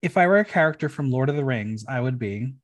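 A man's voice: medium pitch, lively intonation, fast talker. A man hosting a podcast interview, reading out playful fill-in-the-blank prompts in an upbeat way. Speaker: podcast host.

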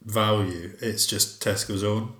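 Bloke, lowish voice, dry jokes, lots of ums, roomy echo. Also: male voice, fairly even intonation, slow, pushed and bright. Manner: dry, joking, says um often. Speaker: podcast co-host. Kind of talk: casual chat.

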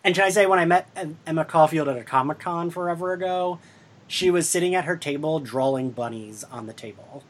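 This podcast host chats casually with fans, giggling often and quoting scenes in quick bursts. The voice sits at a middle pitch. They lead the talk and hand the mic from guest to guest. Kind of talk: casual fan chat.

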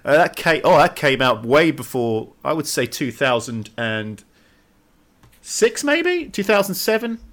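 Male podcast co-host, jokey recapper, voice a little high. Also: unhurried. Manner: jokey, lively, breaks into laughs and silly voices. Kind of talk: casual film-review chat.

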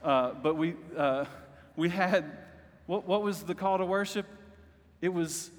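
A man's voice: high voice, a little slow. A male pastor preaching a sermon to his congregation, speaking directly to them and rising to impassioned bursts. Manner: talks directly to the congregation as "y'all". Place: church service. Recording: long hall reverb.

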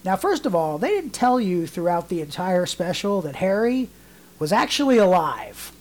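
A man's voice: high-pitched, sing-song, moderate pace. A man co-hosting a casual podcast, telling rambling stories in a loose, chatty way. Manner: rambling storyteller, acts out quotes in mock voices. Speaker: podcast co-host.

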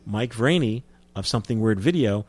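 A man's voice: lowish voice, animated, moderate pace, darkish tone. A man from New Jersey telling stories as an interview guest, chatty, with frequent restarts. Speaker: guest, film distributor. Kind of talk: casual interview storytelling.

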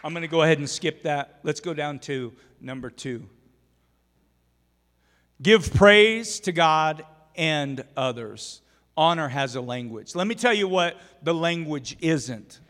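A high-voiced man preaches with animated, exhorting energy, breaking into acted-out scenes. His voice rings through a church with a long reverb. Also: measured pace. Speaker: pastor. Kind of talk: sermon.

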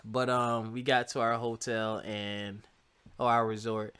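A man casually telling a funny personal story to listeners, animated and laughing often. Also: mid-range voice, a little slow, smooth. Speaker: co-host telling a couple's story.

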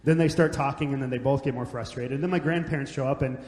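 A man's voice: mid-range voice, fast talker, a little mellow. Young guy preaching, jokey and chatty, voice ringing around a big room. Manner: joking, conversational storytelling. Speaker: pastor. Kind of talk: sermon. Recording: echoey hall, long reverb.

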